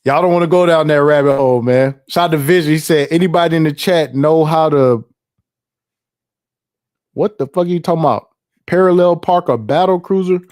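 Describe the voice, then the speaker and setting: Middle-aged guy streaming, cussing and cracking up, says stuff twice, voice a bit high. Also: brisk, darkish tone. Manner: loose and profane, laughs often, repeats himself. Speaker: livestream host reading chat. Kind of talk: casual livestream chat.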